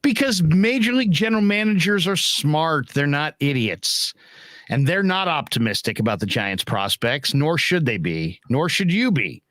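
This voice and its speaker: A man's voice: fairly high pitch, sing-song, moderate pace, a bit bright, dry recording. A man hosting a baseball post-game talk show, giving opinionated analysis in a casual way. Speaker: sports talk show host.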